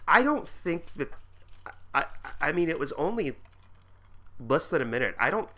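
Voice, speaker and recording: A man's voice: a little high, very animated, normal speed, pushed and bright. A man co-hosting a podcast, chatting casually and retelling scenes with strong opinions. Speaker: podcast co-host. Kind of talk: casual chat.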